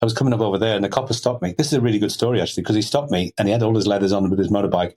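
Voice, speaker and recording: Brief: middle-aged man, lowish voice, chatty interview guest, loose and rambling. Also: rapid-fire, a little mellow. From Liverpool, England. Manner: rambling, many "you know" fillers. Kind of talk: conversational storytelling.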